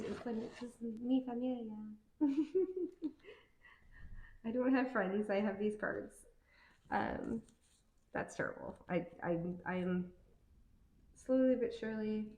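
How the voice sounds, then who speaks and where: A woman giving a casual tarot reading, rambling and chatty, full of fillers and quick to laugh. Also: on the high side, warm tone, echoey room, poor audio. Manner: playful, laughs easily. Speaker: tarot card reader.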